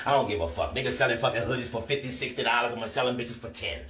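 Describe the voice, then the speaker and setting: A man on a live stream delivering a loud, profane rant, scolding and repeating himself for emphasis. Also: mid-range voice, fairly even intonation, very fast, roomy sound.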